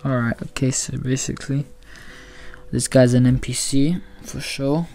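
A man's voice: mid-range voice, little pitch movement, unhurried, vocal fry, mellow. A man giving casual gaming commentary as a YouTuber, boastful and hyped, full of slang.

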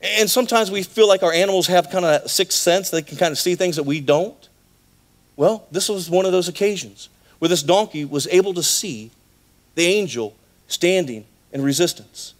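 A man preaching a sermon in a church, telling a Bible story in an animated way with acted voices. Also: high voice, normal speed. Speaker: pastor.

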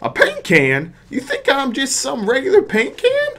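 A man's voice: very high voice, huge pitch swings, normal speed, creaky, pitched above the performer's own voice, full character voice. A man voicing a brash talking male paint can with a loose, made-up accent, reading game dialogue aloud. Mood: indignant. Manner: loud, cheeky, vague put-on accent.

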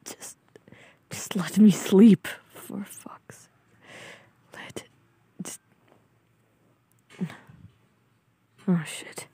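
A woman voicing a grumpy, sleepy young man in a whispered role-play, with a curt, irritable and mocking way of talking and a husky, breathy whisper. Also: on the low side, fairly even intonation, takes it slowly, mellow, dry recording, full character voice. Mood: irritated. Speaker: voice actor.

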